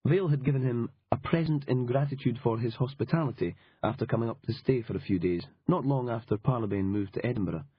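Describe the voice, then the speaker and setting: A man narrating an audiobook in a dry, wry and measured manner. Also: mid-range voice, husky, dry recording. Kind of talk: scripted narration. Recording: dull lo-fi audiobook recording.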